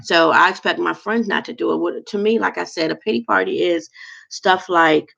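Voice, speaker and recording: A woman with a gravelly, fry-heavy voice ranting on a livestream, blunt and candid, stalling often with fillers. The audio is muffled and lo-fi. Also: fairly low pitch, normal speed, a bit bright. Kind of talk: livestream vlog rant.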